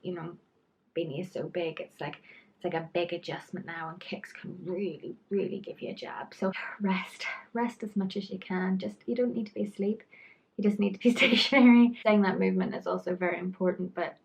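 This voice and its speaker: A woman's voice: fairly low pitch, steady tone, fairly quick, creaky, rough recording. A young woman giving frank, chatty pregnancy advice to camera, trailing into asides. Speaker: pregnancy vlogger. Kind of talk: casual talk-to-camera advice.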